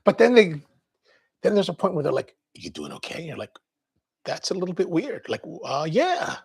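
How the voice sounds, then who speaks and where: Gravelly rambling man from Maryland. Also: high-pitched, sing-song, moderate pace. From Maryland, US East Coast. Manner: rambling storyteller, quotes people in voices, laughs. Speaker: coffee livestream host. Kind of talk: casual livestream chat.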